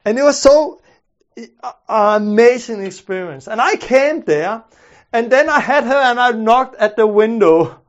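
With lively intonation, a high-voiced male preacher earnestly recounts his testimony, stumbling through restarts and repeated words. It's captured in a muffled, lo-fi recording.

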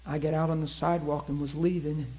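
A man's voice: on the high side, level tone, quick pace, lo-fi sound. A man preaching a sermon, telling a story and acting out the people in it.

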